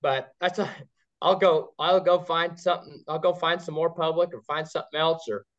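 A man, a guest on a podcast, telling stories in an excited, rambling way with many restarts. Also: fairly high pitch, moderate pace. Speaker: guest, game caller. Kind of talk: casual podcast chat. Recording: dull lo-fi sound.

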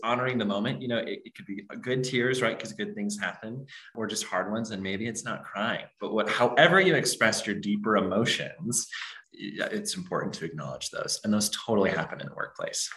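A man's voice: fairly low pitch, bright, forceful tone, echoey room, rough recording. A man joining a casual podcast as a guest, joking about himself and getting emotional. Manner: self-mocking, emotional, joking.

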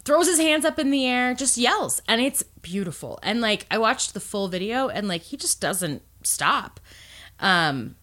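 A woman co-hosting a casual political chat, animated and swearing freely, with lots of "like" fillers. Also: fairly high pitch, unhurried. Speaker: podcast co-host. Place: lives in Colorado.

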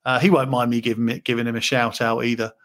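A man's voice: medium pitch, fast talker. A man hosting a live property chat, talking casually with many fillers. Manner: chatty, relaxed, many fillers. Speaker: property investor and host.

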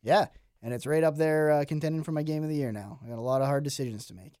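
A man guesting on a podcast in casual chat, quick and matter-of-fact. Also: fairly high pitch, warm tone, clear, resonant tone, no room sound, studio quality.

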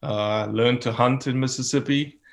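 A man's voice: mid-range voice, fairly even intonation, normal speed. Man, podcast guest. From South Africa. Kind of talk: casual podcast conversation.

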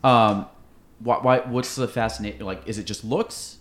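A man's voice: fairly low pitch, fairly even intonation, normal speed, a bit bright. A man hosting a casual podcast, rambling and self-interrupting while he asks curious questions. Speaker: podcast host. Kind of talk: casual chat. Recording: roomy echo.

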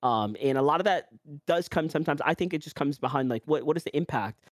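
A man's voice: on the high side, quick pace, dry recording, clean studio sound. A man with a New York accent, a commentator hosting a casual podcast, telling stories animatedly with lots of fillers. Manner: animated storytelling with acted-out quotes and many fillers.

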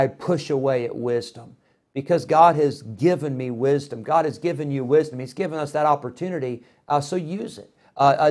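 A middle-aged man preaching a sermon in a folksy, animated way, with frequent fillers and restarts. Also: mid-range voice.

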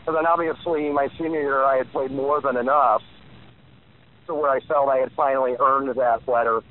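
A man's voice: mid-range voice, steady tone, moderate pace. A man in his forties giving rambling interview answers, full of fillers and restarts. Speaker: guest. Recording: tinny phone line.

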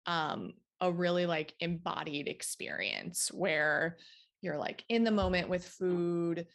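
A woman's voice: lowish voice, expressive, takes it slowly, vocal fry, a bit bright. A woman dietitian speaking as a podcast guest, explaining her ideas thoughtfully with frequent fillers. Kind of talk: interview answers.

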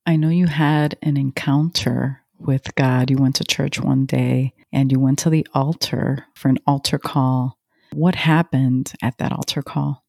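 A woman's voice: very deep voice, steady tone, a little slow, creaky, no echo, clean studio sound. A woman interviewing a guest about faith, encouraging her and answering with amens and stories of her own. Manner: warm encouraging, affirms with amens.

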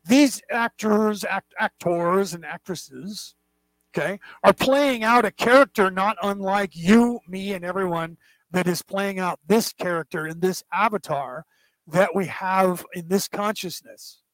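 A man's voice: sits high, unhurried, a bit bright, dry recording, low-quality recording. A man hosting a class, talking in a rambling, digressive way, restarting words and checking in with his listeners. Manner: digressive, keeps checking in with "right?" and "okay?"; restarts and repeats words often. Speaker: class host. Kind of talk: rambling spoken lecture.

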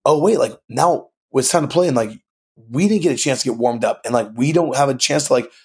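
A man's voice: medium pitch, a little fast, a little mellow, slightly rough. A young man from California, a band singer guesting on a podcast, talking in a laid-back slangy way full of "dude" and "like". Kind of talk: casual podcast conversation.

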